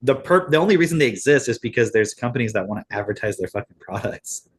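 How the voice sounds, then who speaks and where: A man co-hosts a casual podcast, reasoning through his points one step at a time. His voice sits at a medium pitch. He argues in a relaxed way. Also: fast talker, husky. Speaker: podcast co-host.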